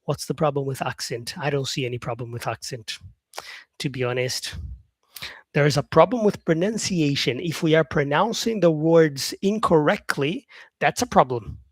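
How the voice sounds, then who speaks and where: Guy teaching english on a live stream, kinda high voice, dry close mic, upbeat and encouraging, repeats stuff a lot. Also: normal speed, breathy edge, dry recording. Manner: upbeat and encouraging, repeats phrases, reads out viewer comments. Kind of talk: casual live-stream chat answering comments.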